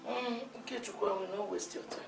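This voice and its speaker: A woman's voice: mid-range voice, steady tone, quick pace, creaky, rough recording. An actress playing a doting, pushy mother with a Nigerian accent, speaking in a film scene over music. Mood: insistent. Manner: insistent, matchmaking.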